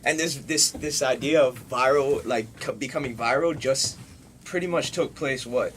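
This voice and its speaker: Young man joking in a bright voice. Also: medium pitch, normal speed, a little hiss or hum. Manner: joking, rambling, swears freely. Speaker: podcast co-host. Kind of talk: casual group chat.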